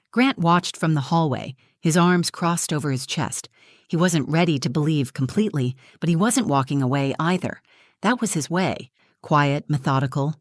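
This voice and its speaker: Low-voiced woman narrating a story. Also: no echo, studio quality. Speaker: first-person narrator, mother.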